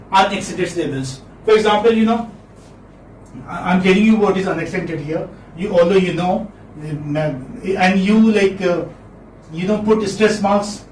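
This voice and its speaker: A man's voice: high-pitched, darkish tone, a little hiss or hum. A man teaching phonetics in a class, encouraging his students and repeating key terms. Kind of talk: classroom lecture. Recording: echoey room, far from mic.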